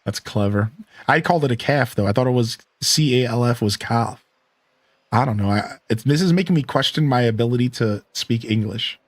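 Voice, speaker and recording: A man's voice: medium pitch, normal speed, dry recording. A man casually chatting while live-streaming a video game, reading chat and laughing easily. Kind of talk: casual live gameplay commentary.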